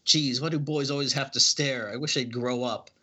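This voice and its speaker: A man's voice: medium pitch, steady tone, normal speed, sharp tone. A man voicing an annoyed young woman superhero in a comic. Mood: exasperated. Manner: exasperated.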